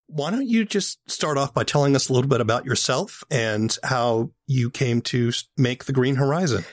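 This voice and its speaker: Male podcast host, mid pitch, dry close sound, rambling thoughtful questions. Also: expressive, moderate pace, no room sound. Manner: thinking aloud, searching for words. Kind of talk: interview questions.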